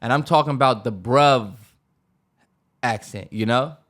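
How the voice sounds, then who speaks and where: Animated man co-hosting a casual podcast. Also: a little slow. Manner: animated storyteller, voice jumps high when acting out stories. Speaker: podcast co-host. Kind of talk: casual chat.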